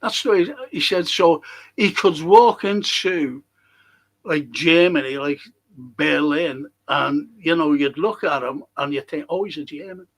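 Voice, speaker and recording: Older man, co-host, rambling anecdotal storytelling, slightly raised pitch. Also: a little slow, low-quality recording. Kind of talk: casual chat.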